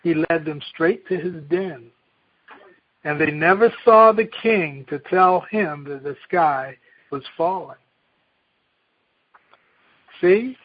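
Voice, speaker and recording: A male pastor preaching a sermon, telling a children's story in a folksy, animated way before reading scripture. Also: a little high, slow, pauses often, breathy edge. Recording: dull lo-fi recording.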